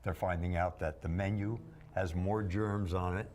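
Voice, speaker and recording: A low-pitched man tells jokey stories as a talk-show guest, dropping into other voices for the people in them. He wisecracks between his tips and keeps the tone light. A faint hiss sits under the recording. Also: fairly even intonation, normal speed, darkish tone. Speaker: bodybuilder and entertainer guest. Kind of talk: joking talk-show storytelling.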